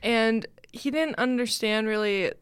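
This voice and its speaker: A woman's voice: fairly high pitch, measured pace, clear, resonant tone, no echo. A young woman co-hosting a podcast, talking casually in a laid-back, self-deprecating way. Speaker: podcast co-host. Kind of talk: casual chat.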